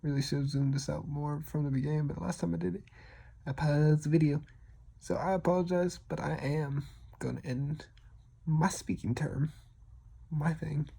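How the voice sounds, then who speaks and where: Soft-spoken gravelly man, rambling. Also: fairly high pitch, fairly even intonation, normal speed. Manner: rambling, self-deprecating; talks quietly, partly whispered. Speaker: digital artist. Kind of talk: casual voice-over over a speed drawing.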